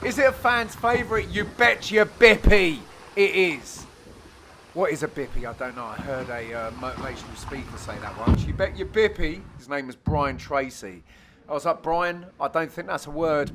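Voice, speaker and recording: A man giving jokey voice-over commentary on his own amateur match, teasing his friends with sudden loud exclamations. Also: sits high, a little hiss or hum. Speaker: player and commentator.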